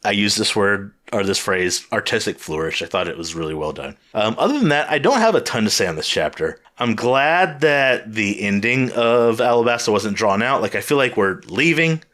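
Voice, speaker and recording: Lively low-voiced podcast host. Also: male voice, normal speed, few pauses. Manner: playful, teasing, leads the discussion. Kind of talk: casual podcast chat.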